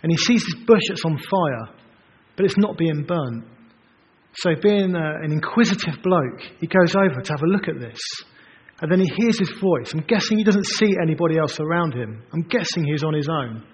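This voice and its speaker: Male pastor, fairly high voice, earnest and emphatic, dull roomy hall recording. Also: animated, moderate pace. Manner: earnest, emphatic, builds through repeated phrases. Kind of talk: sermon. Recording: dull, reverberant hall recording with faint noise.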